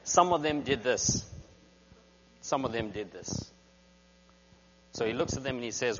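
A man preaching a sermon as a guest speaker, telling stories in an animated way. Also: mid-range voice, normal speed, long pauses. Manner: animated storyteller. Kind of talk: sermon with storytelling. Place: church sanctuary. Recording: dull recording in reverberant hall with hum.

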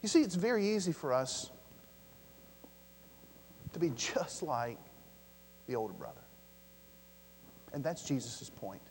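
Pastor guy with a high voice preaching, gets loud then goes quiet, long echo in a big church, bit of hum. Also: sing-song, measured pace, long pauses. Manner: dramatic, swings between loud emphasis and soft hushed lines; acts out the voices of the story's characters. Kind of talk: sermon. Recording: long hall reverb with mains hum.

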